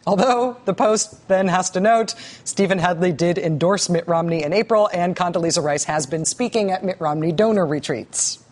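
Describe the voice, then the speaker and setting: A woman's voice: lowish voice, darkish tone. Sardonic woman hosting cable news. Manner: sardonic, mocking; quick asides with stammered restarts. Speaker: news show host.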